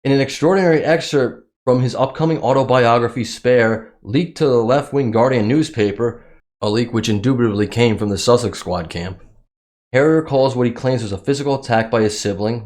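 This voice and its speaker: A man's voice: medium pitch, fairly quick, darkish tone. Sarcastic man commenting on the news. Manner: mocking, reads news excerpts aloud. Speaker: commentary vlogger.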